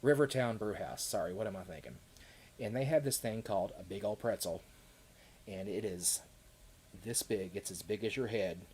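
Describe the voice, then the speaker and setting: A man's voice: lowish voice, a little mellow, a little hiss or hum. A man with a Kentucky accent chatting casually with viewers on a live stream, rambling with frequent laughs and fillers.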